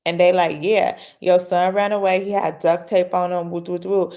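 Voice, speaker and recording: A woman's voice: lowish voice, level tone, moderate pace, dark tone. Chatty woman host, slangy storytelling. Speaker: commentary host. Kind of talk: casual late-night commentary.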